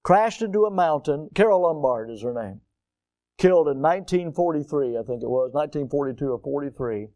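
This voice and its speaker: Older man, pastor, sermon, dramatic swings from hushed to loud, fairly high voice, dry close sound. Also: animated, a little fast, no echo. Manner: dramatic, rising to near-shouts for emphasis.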